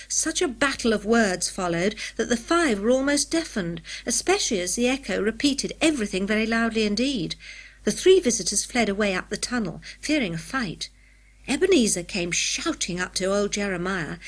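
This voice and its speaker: Woman narrator, clear measured storybook reading, mid-pitched. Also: lively intonation. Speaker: audiobook narrator. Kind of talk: scripted narration.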